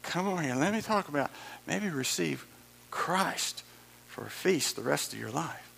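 A man's voice: fairly high pitch, lively intonation, unhurried, creaky, a bit bright, slight background noise. A male pastor, preaching a sermon emphatically, repeating lines and adding dramatic asides.

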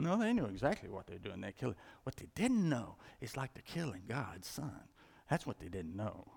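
Male preacher, sermon, gravelly, animated storytelling, long hall reverb. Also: mid-range voice, brisk. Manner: conversational, animated storytelling with acted quotes.

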